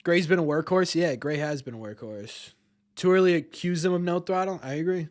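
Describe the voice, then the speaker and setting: A man's voice: on the high side, brisk, a little mellow. A man hosting a live-streamed sports talk show, rambling, repeating words and ending many lines with "right?". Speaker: podcast host.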